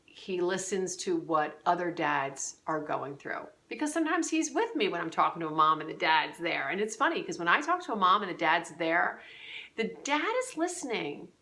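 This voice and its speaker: Middle-aged woman, parenting coach, lowish voice, earnest conversational advice with plenty of ums. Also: big pitch swings, normal speed, pushed and bright. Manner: earnest, conversational, many fillers and restarts. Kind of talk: direct-to-camera advice talk.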